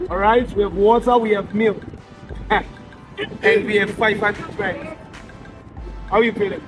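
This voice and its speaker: A man's voice: sits high, steady tone, slow pace. A young South African man hosting a street challenge, playful and teasing as he hypes up contestants outdoors. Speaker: host of a street challenge show. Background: music playing.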